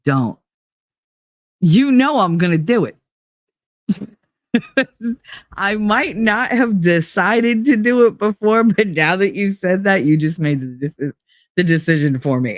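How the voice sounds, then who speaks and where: A host from the UK, chatting casually and reading out live comments, with animated, sarcastic asides. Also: mid-range voice, no room sound, studio quality. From United Kingdom. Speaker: livestream podcast host.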